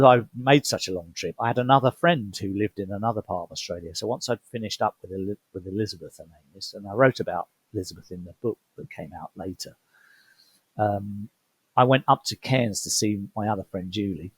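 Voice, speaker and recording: Husky English man telling a story. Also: fairly low pitch, fairly quick, dry recording. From England. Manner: animated storyteller, acts out quoted voices. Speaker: podcast guest. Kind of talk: storytelling conversation.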